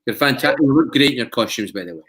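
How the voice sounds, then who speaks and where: A man's voice: medium pitch, expressive, racing, fairly bright tone. Chatty man telling anecdotes. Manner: chatty storyteller, laughs often. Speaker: actor and interview guest. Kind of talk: casual interview chat.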